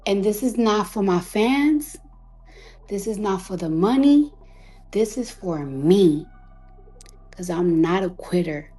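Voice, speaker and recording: A woman's voice: medium pitch, lively intonation, soft background music. Defiant woman, emphatic and profane. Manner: slows to a hushed whisper at times. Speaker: recording artist. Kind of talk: emotional monologue on a live audio chat.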